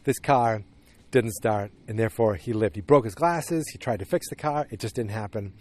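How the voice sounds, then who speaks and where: Man, low voice, podcast host, casual rambling recap, animated retelling. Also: moderate pace.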